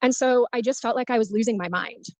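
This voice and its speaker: A woman's voice: a little high, quick pace, a little mellow, dry recording. A woman with an Australian accent, earnestly clarifying her side in an interview. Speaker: guest in a video interview. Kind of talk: casual interview talk.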